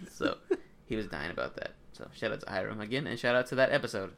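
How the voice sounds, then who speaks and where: Casual male podcast co-host, lively pitch, jokey and loose, laughs a lot. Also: quick pace, gravelly, slight background noise. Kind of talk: casual chat.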